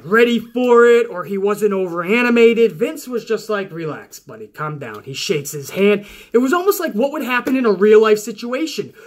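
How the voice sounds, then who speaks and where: Man, high voice, casual wrestling recap, swears constantly, excitable. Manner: profane, excitable ranting. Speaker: wrestling show reviewer.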